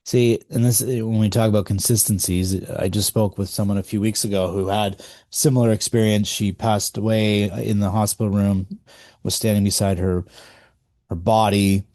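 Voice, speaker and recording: A man's voice: lowish voice, warm tone, dry recording, studio quality. A man hosting a podcast interview, reflecting aloud and sharing a story with some hesitation. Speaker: podcast host. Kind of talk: casual interview talk.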